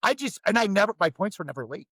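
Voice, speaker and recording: A man's voice: sits high, sing-song, quick pace, fairly bright tone, no room sound. A man who is a podcast guest, telling stories in a blunt, profane, casual way. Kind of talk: casual conversation.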